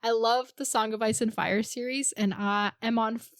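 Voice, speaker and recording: A woman's voice: on the high side, fairly even intonation, moderate pace, no room sound, studio quality. A woman co-hosting a podcast, chatting casually and reading listener emails aloud with frequent laughter. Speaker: podcast co-host.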